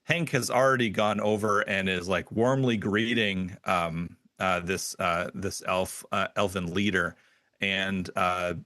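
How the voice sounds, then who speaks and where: Guy running a d&d game, lowish voice, lots of ums, dead dry sound. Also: fairly even intonation, sharp tone, no echo. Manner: halting, with many fillers and restarts. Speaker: game master. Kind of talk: narrating a tabletop game.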